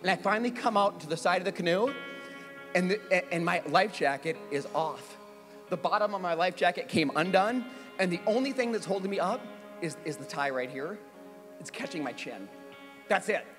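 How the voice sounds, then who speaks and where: High-voiced man preaching in a reverberant hall. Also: moderate pace, over music. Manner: animated, self-mocking, acts out his younger self in high squeals. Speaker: pastor. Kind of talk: sermon with personal storytelling. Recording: long reverb of a large hall.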